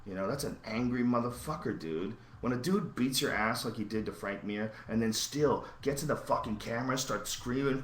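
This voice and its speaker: A man hosting a podcast, talking in an intense, profane, emphatic way that swings between loud outbursts and low asides. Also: moderate pace, few pauses, roomy sound, a little hiss or hum. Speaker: podcast host. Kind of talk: profane animated podcast rant.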